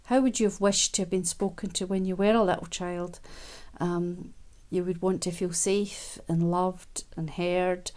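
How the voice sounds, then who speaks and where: A woman giving a gentle, unhurried self-help talk, with frequent ums and quiet laughs. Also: fairly low pitch, little pitch movement.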